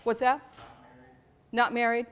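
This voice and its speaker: A woman giving an animated storytelling talk to an audience about teaching teenagers, asking questions and rising to emphatic peaks. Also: fairly high pitch, slow pace. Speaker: abstinence educator speaking to a church group.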